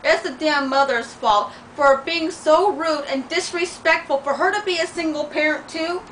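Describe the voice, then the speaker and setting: A high-pitched middle-aged woman rants in a home vlog, blunt and heavy on the swearing, sounding sore and worn. She sits back from the mic, and a faint hiss runs under her voice. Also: moderate pace, fairly bright tone. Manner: blunt, profane, heated storytelling. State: sore and in pain, limping. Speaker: vlogger. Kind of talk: venting vlog rant. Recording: distant mic with faint noise.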